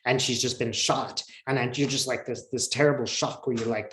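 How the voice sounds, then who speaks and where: Male guest, mid-pitched, earnest and reflective, roomy echo on the call. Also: steady tone, fairly quick, fairly bright tone, slight background noise. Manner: earnest, emotional, reflective, many fillers. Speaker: interview guest. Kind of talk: casual storytelling in an interview.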